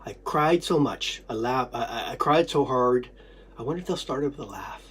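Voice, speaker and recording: A speaker rambling through an unscripted monologue of memories, swearing often, short of breath and snotty, swinging between giddy laughing sobs and low muttering. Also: lively intonation, normal speed, a little hiss or hum. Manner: rambling, repetitive, heavy swearing.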